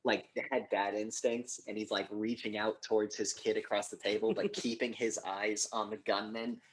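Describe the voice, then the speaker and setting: A man's voice: on the low side, moderate pace. A young man co-hosting a podcast, casually retelling movie scenes with acted-out lines and frequent swearing. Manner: animated retelling, acts out scenes, swears often. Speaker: podcast co-host. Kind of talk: casual movie review chat.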